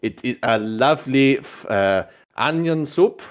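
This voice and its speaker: A man's voice: medium pitch, lively intonation, a little slow, voice pushed up, lightly acted. A man voicing a timid, clumsy young male elf cook with a put-on French accent, talking in an apologetic, flustered way. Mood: proud. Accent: fake French accent.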